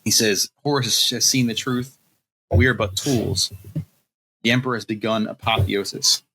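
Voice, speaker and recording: A man's voice: lowish voice, fairly even intonation, moderate pace, pushed and bright, slight background noise, rough recording. A man co-hosting a podcast, retelling a novel's scenes in loose casual chat and acting out the quotes with plenty of laughter. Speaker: podcast co-host.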